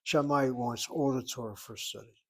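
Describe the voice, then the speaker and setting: Man, teacher, informal class lesson, middle pitch, explains step by step, thinks aloud. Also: fairly even intonation, normal speed, low-quality recording. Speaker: Hebrew teacher.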